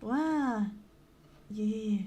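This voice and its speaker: High-voiced giggly woman streaming a game. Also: drawn-out words, dark tone, a little hiss or hum. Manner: giggly, dramatic, apologetic. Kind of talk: casual live-stream gaming commentary.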